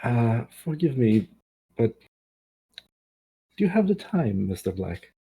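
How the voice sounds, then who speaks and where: A man voicing a female adventurer who speaks hesitantly and with careful politeness, quieter than his own talk. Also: mid-range voice, big pitch swings, slow pace, creaky, husky, full character voice, low-quality recording. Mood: polite.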